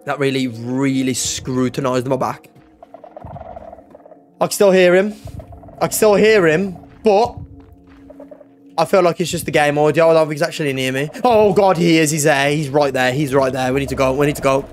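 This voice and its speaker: A young man gives loud, panicky live commentary over a game, screaming, swearing and calling out to his chat. His voice sits a little high. Faint music plays behind him. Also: moderate pace, pauses often. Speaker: gaming YouTuber.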